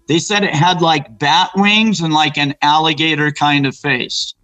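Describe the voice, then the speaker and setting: A man with a slightly higher voice rambles through local ghost and cryptid tales, acting out the people he quotes. He stops and restarts often in a loose, conversational way. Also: steady tone, unhurried, bright, forceful tone, low-quality recording. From Arizona, raised in Los Angeles. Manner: rambling storyteller, restarts and fillers, acts out quotes. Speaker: guest. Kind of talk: casual chat about local hauntings.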